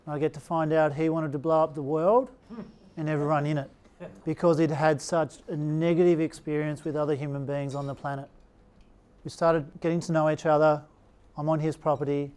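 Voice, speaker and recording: A man's voice: fairly high pitch, darkish tone, smooth. A middle-aged man with an Australian accent, speaking in a slightly raised register. He tells a personal story in an easygoing, anecdotal manner and slips into the voices of the people he quotes. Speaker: speaker telling his story. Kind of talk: storytelling talk.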